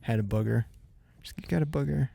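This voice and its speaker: A man's voice: medium pitch, fast, vocal fry, warm tone, no room sound. Laid-back man, dry sound. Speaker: podcast co-host. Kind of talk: casual chat.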